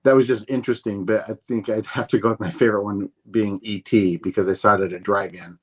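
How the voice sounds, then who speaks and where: A man's voice: fairly low pitch, fairly even intonation, fast talker, breathy edge. A middle-aged man on a comedy chat show, laid-back and full of questions. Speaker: co-host.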